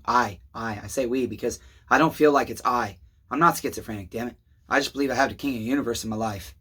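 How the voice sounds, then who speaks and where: Middle aged guy venting on his vlog, bright tense voice, swearing, yelling then going low and worn out. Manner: swings between shouting outbursts and low weary confession; swears constantly, calls viewers neighbors. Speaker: chainsaw channel host. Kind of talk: emotional rambling vlog monologue.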